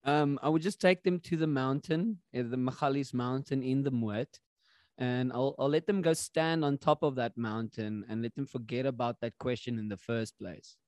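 A man's voice: medium pitch, fairly even intonation, moderate pace, darkish tone, no echo, clean studio sound. A man hosting a podcast in a playful, upbeat casual chat. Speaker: podcast host.

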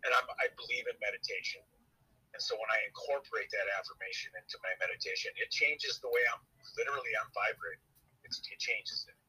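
A man's voice: fairly low pitch, quick pace, sharp tone, breathy edge, low-quality recording. A man speaking as an interview guest, earnest and emphatic, sometimes dropping to a near-whisper. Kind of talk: candid interview talk. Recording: hard to hear, faint audio.

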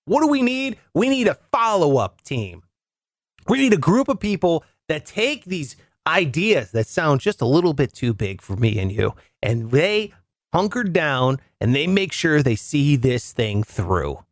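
A man's voice: very animated, unhurried, no echo, studio quality. A man hosting a comedy news show, riffing sarcastically on the stories. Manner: riffing, sarcastic, jumps in pitch for jokes.

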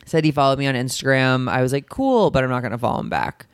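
A young man co-hosting a podcast, telling a story in a casual, animated way. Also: medium pitch, clear, resonant tone, no echo, clean studio sound. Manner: animated, quick retelling with acted quotes. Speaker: podcast co-host.

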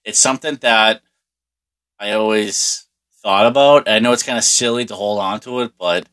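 A low-pitched man with a forceful, tense edge to his voice tells a rambling personal story. He swears nearly every sentence and leans on casual fillers as he goes. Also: moderate pace.

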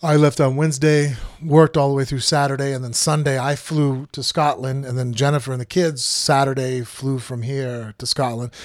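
A man's voice: mid-range voice, little pitch movement, moderate pace, hardly any pauses, no echo, clean studio sound. A man co-hosting a podcast, telling a long travel story in a casual, rambling way and acting out quoted lines. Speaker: podcast co-host.

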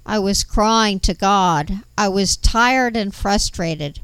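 Slow, smooth-voiced woman narrating testimony. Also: medium pitch, fairly bright tone, no echo. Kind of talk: first-person testimony narration.

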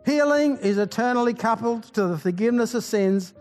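A man with a notably high voice preaches with fervor, firing off rhetorical questions and folksy jokes. He keeps building toward exclamations of praise. Soft music plays faintly behind him. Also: expressive, brisk. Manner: exclamatory, rallying the congregation. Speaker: pastor. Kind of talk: sermon.

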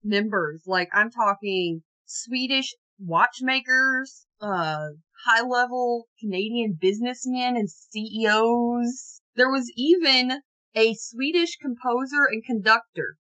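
A woman co-hosts a casual true-crime podcast, recounting the tale with sarcasm, asides and the odd swear word. Her voice is bright and sits a little high. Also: slow pace, poor audio. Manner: sarcastic, jokey storytelling with swearing. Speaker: podcast co-host.

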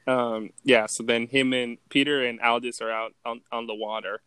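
A young adult man co-hosting a podcast, retelling movie scenes in laid-back slangy talk with plenty of swearing and squeaky put-on voices for quotes. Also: little pitch movement, normal speed, pushed and bright, smooth, no echo. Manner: laid-back, slangy, profane, jumps high for quoted lines. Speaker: podcast co-host. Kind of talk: casual chat recapping movie scenes.

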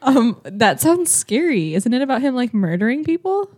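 A woman co-hosting a podcast in casual chat, high and giggly, swearing and rambling as she talks. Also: sing-song, moderate pace, a little mellow. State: high on marijuana. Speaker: podcast co-host.

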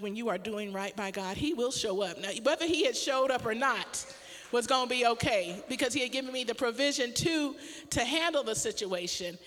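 A woman's voice: fairly high pitch, long reverb tail. A middle-aged woman pastor tells a personal story in a casual sermon, laughing often as she talks. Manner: animated storytelling with frequent laughter.

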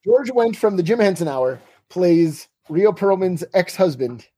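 A man's voice: high voice, expressive, mellow, husky, no echo. A man co-hosting a podcast, chatting casually and wryly about old TV shows. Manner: chatty, wry, quick asides. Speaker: podcast co-host.

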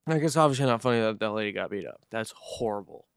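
A man's voice: fairly low pitch, animated, quick pace, clean tone, no room sound, clean studio sound. A man chatting casually on a podcast, telling stories and acting out his coworkers' lines with lots of swearing. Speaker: podcast host. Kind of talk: casual chat, storytelling.

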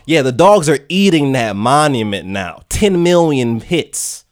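Animated young man recapping casually. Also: mid-range voice, measured pace. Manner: animated, acts out characters' lines, laughs, swears. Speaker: podcast host reviewing comics. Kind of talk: casual chat.

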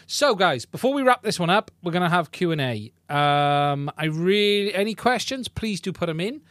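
A man hosting a live-stream podcast in a chatty, rambling way. He speaks a little higher than most men. The sound is dry and close on a podcast mic. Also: big pitch swings, normal speed, fairly bright tone, dry recording. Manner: chatty, rambling, with many fillers and restarts. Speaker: podcast host. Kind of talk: casual live-stream chat. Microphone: podcast mic into a mixing console.

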